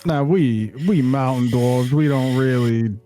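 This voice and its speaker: A man's voice: mid-range voice, unhurried, mellow, faint music behind, natural voice. A man playing a friendly mountain dwarf blacksmith in a tabletop game, with a hearty, folksy way of talking.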